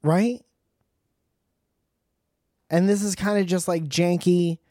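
A man's voice: high-pitched, steady tone, slow, warm tone, no room sound, studio quality. A man doing a rambling, profane comedic monologue with joking asides.

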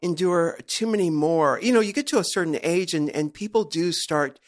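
A man's voice: fairly high pitch, normal speed. A man in his sixties hosting a casual chat, talking in a chatty way and hesitating with many fillers. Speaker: host.

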